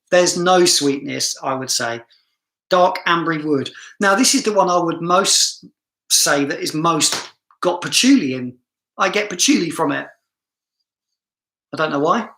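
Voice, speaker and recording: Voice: mid-range voice, a bit bright, roomy sound. Chatty southern English fragrance reviewer. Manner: chatty, self-mocking, laughs often. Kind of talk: live-stream fragrance review chat.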